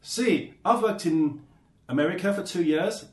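A man's voice: high voice, expressive, unhurried. A British-born man, a podcast guest, chatting casually with frequent hesitations and restarts. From Britain. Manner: hesitant, many fillers and restarts. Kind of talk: casual chat. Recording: echoey room.

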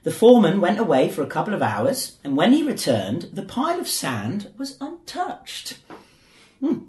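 A man in his thirties hosting a podcast, chatting casually and telling stories in an animated, joking way. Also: high-pitched, moderate pace. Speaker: podcast host. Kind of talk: casual chat. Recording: roomy echo.

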